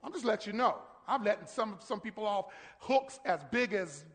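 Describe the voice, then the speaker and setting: A man preaches a sermon with a high, ringing voice, pushing his points up to shouted emphasis and calling out to the congregation. The sound carries a long reverb tail from the church hall around him. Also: lively intonation, moderate pace. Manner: preaching with rising shouted emphasis and call-and-response. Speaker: pastor. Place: church sanctuary.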